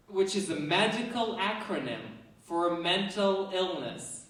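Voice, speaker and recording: A woman from Russia, delivering a deadpan, absurd stand-up comedy set on a university theatre stage. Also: on the low side, unhurried, hardly any pauses. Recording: echoey theatre, mic far off.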